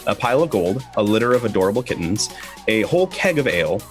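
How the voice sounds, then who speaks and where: Laughing low-voiced male host. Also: very animated, fast, soft background music. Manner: laughs often, rambling with fillers. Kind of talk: casual group chat.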